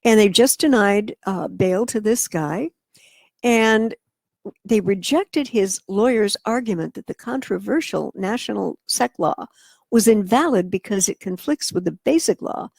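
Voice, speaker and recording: A woman co-hosting a talk radio show, reading and discussing news stories quickly. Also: mid-range voice, lively intonation, creaky, darkish tone, no echo. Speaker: radio co-host.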